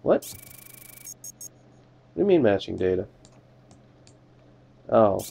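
A young man doing a let's play offers casual, jokey game commentary, addressing the characters as a border inspector and swearing now and then. His fairly low voice is very animated yet slow, with long pauses, a creaky, mellow quality, a breathy edge, and the highs cut off.

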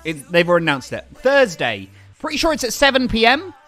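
A young man live-streaming a game, chatting excitedly and thanking viewers as he plays. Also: high-pitched, fairly quick, soft background music. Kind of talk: casual live-stream chat while gaming.

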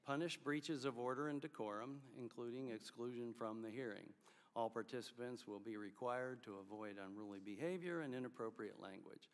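Man chairing a hearing, echoing room. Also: mid-range voice. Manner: measured, procedural. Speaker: subcommittee chairman. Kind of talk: formal hearing statement.

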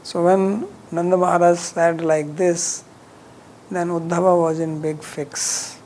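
A man teaching scripture verse by verse. He recites each verse in Sanskrit and then explains it in simple, measured English, often restarting his sentences. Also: high-pitched, little pitch movement, slight background noise, rough recording. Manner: drops softer at phrase ends, with frequent restarts.

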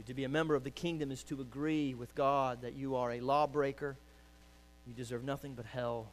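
A man preaching a sermon as pastor, urging loudly and then dropping to quiet pleading. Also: mid-range voice. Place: church sanctuary.

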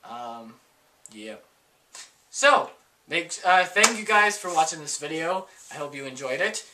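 A man telling a funny personal story in a casual, animated, self-mocking way. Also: fairly high pitch, unhurried, recorded from a distance, noisy background.

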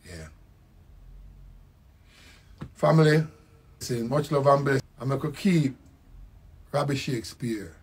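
An older man with a Jamaican accent giving a slow, reflective spoken tribute, repeating his phrases. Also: mid-range voice, gravelly, slightly rough. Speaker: musician.

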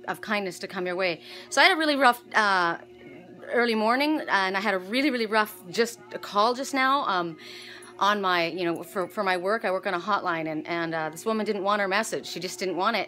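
A woman's voice: mid-range voice, brisk, sharp tone, poor audio. A middle-aged woman chatting casually to camera about her day and a gift, rambling and effusive with many restarts. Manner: effusive, rambling, full of restarts and gushing exclamations. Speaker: vlogger and spiritual reader.

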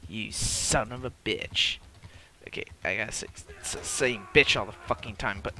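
A man's voice: fairly low pitch, moderate pace, sharp tone, a little hiss or hum. A man giving live gameplay commentary, swearing constantly and blurting frustrated outbursts at enemies while admitting he is new to the game. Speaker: gamer playing a multiplayer beta.

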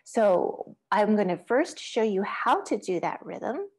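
A woman's voice: medium pitch, very animated, takes it slowly, a little mellow, husky. A woman teaching an online music lesson, giving patient step-by-step instructions and chanting rhythm syllables and counts. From Asia.

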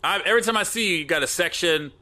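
A man's voice: high-pitched, racing, pushed and bright. A middle-aged man hosting a comedy podcast, chatting loosely and laughing hard at jokes. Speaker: podcast host. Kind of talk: casual comedic podcast chat.

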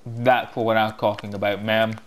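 A man hosting a gaming channel, chatting through a walkthrough in loose, halting English and getting excitable as he plays. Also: lowish voice, a little hiss or hum. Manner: loose, halting non-native English phrasing. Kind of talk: gameplay walkthrough commentary.

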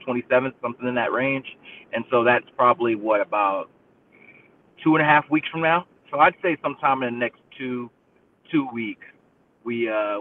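Man analyzing football over a tinny phone line. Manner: measured, analytical. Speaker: football reporter guest. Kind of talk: call-in sports analysis. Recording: distant phone line with rumble.

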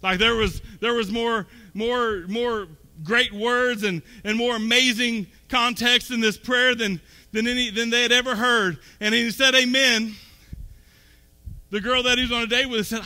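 A man's voice: extremely high pitch, steady tone, moderate pace, few pauses, bright, forceful tone. A man preaching a sermon as pastor, talking conversationally and then building up to emphatic peaks. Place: church sanctuary. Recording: long hall reverb.

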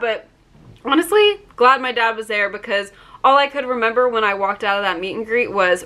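A young woman telling a story in a casual storytime vlog, excited and gushing, saying "like" often. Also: mid-range voice, moderate pace. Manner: excited, gushing, heavy use of "like". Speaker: vlogger.

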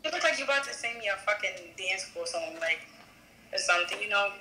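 A woman's voice: medium pitch, expressive, brisk, slight background noise, rough recording. A woman on a video chat app, brash and profane, mocking the man she is talking to. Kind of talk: casual video chat banter.

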